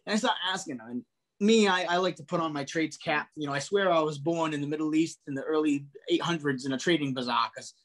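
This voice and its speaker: A man co-hosting a casual collectibles chat, telling stories with lively acted-out dialogue and frequent restarts. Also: a little high, quick pace. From New England, US. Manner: animated storyteller, acts out dialogue. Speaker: podcast co-host.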